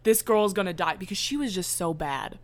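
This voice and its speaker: A woman's voice: lowish voice, dry recording. Girl gushing about a movie, laughs lots, dry close mic. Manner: excitable, quick to laugh. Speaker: movie reviewer. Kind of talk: casual chat.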